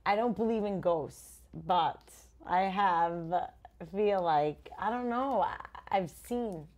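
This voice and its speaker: A woman's voice: mid-range voice, slow pace, highs cut off. Woman guest telling a story. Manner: animated storyteller, giggles often. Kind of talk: casual chat, telling a story.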